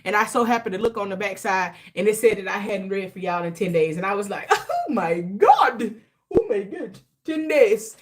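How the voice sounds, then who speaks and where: A woman's voice: mid-range voice, a little hiss or hum. A woman giving a casual spiritual tarot reading, emphatic and repetitive as she hands out advice in loose, slangy talk. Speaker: tarot reader and spiritual coach.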